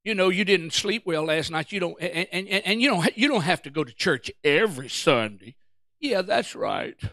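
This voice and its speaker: A man preaching a fervent sermon as pastor, calling out to the congregation and shifting between shouting and quiet storytelling. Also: high voice, lively intonation, moderate pace, no room sound, studio quality.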